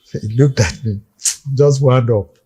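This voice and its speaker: An older Nigerian-accented man tells his stories as a guest, with a husky, slightly breathy voice at an ordinary middle pitch. He brings past scenes to life, acting out each speaker as he narrates. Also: unhurried, dark tone. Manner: vivid storytelling, acts out quoted dialogue. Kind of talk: storytelling reminiscence.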